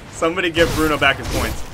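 A man's voice: a little high, brisk, background noise. Swearing, raging man streaming a game. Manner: swearing, raging, laughing at himself. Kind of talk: live gaming stream commentary.

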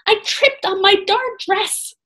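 A woman reading aloud and voicing an eager, bold young girl who speaks up quickly. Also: very high-pitched, bright, forceful tone, pitched above the performer's own voice, full character voice.

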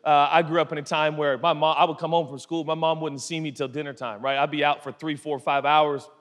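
A middle-aged man preaching a sermon, telling a story with lively acted-out voices. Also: on the high side, brisk. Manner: animated storytelling, acting out quoted voices. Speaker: pastor. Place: large church hall. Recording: long reverb of a large hall.

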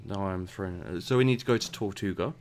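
A man's voice: low-pitched, fairly quick, a little mellow, a little hiss or hum. A man giving casual commentary while playing and reviewing a game, rambling and often tripping over and repeating his words. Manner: rambling, stumbles and repeats words, mutters asides.

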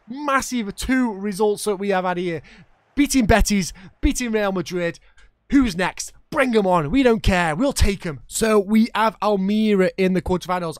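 Excitable gamer commentating. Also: male voice, sits high, dry recording, studio quality. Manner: excitable, shouts at the referee and commentator, chatty with viewers. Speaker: gaming YouTuber. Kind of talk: game commentary.

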